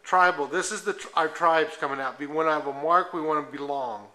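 A man's voice: fairly high pitch, fairly even intonation, fairly quick, pushed and bright. Man with a Spanish accent filming kids. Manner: playful, stumbling reading aloud. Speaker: home video maker filming kids. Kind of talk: casual home video narration. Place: home room.

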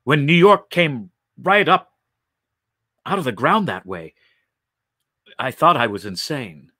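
Man doing a desperate exile, lively swinging voice, forceful, dry sound. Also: medium pitch, slow pace, voice pushed up, exaggerated voice. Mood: earnest.

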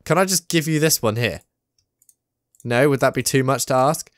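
A gamer giving excitable, self-mocking commentary on a let's play. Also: medium pitch, moderate pace, dry recording, studio quality. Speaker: gaming YouTuber.

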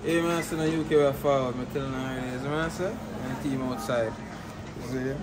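A young man vlogs casually at an airport, laid-back and full of street slang, talking fast in a mid-range voice. It's a casual travel vlog recorded in an echoey space with faint noise.

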